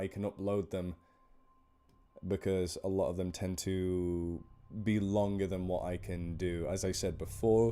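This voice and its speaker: Man with a low, mellow voice. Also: clear, resonant tone. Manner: rambling, self-deprecating, chatty; thanks donors by name. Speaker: horror story narrator on a charity live stream. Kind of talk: casual live-stream chat. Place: indoors at home.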